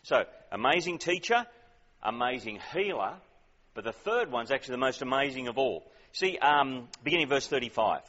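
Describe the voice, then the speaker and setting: A man's voice: mid-range voice, lively intonation, moderate pace, a bit bright, in a large hall, muffled recording. A man preaching a sermon in a conversational, emphatic way, often asking questions.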